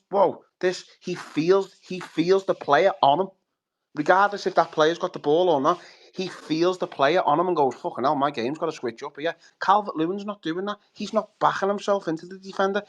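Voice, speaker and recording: A man, co-hosting a football fan chat show, talking bluntly and animatedly with lots of swearing. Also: on the high side. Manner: blunt, sweary, animated, acts out players' thoughts. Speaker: podcast co-host.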